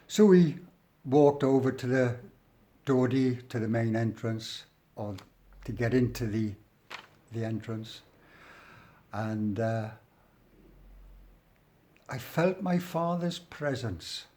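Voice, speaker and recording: A man's voice: mid-range voice, slow, long pauses, mellow. A middle-aged man with an English accent telling a story about his own past, in a rambling, blunt, sweary way that slips into the present tense. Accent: English, working-class. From England. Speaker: storyteller recounting his prison life. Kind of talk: casual spoken storytelling.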